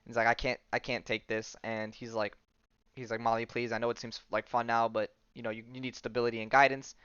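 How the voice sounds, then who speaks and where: Podcast guy rambling thru a comic recap, smooth voice, dry dull lo-fi mic. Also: medium pitch, level tone, fast talker, fairly bright tone, dry recording. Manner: rambling, full of ums and likes. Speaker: podcast host.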